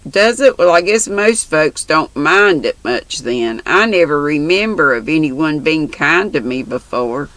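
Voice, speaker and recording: A woman doing a blunt rough-talking orphan girl. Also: low-pitched, expressive, unhurried, few pauses, fairly bright tone, dry recording, low-quality recording. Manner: plain-spoken, rustic grammar.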